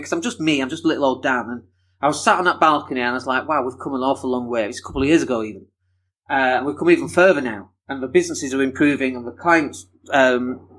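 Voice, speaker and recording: A man's voice: medium pitch, lively intonation, fast. A man from Leeds, hosting a casual solo podcast in a chatty, enthusiastic, self-deprecating way. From Leeds, England. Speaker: podcast host.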